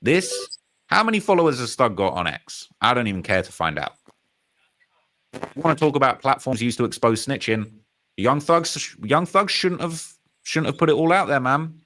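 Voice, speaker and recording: Speaking at a moderate pace in a mid-range voice, this man from the United Kingdom runs a live stream about rap news. His commentary is casual yet emphatic and animated, with repeated phrases and chat comments read out loud.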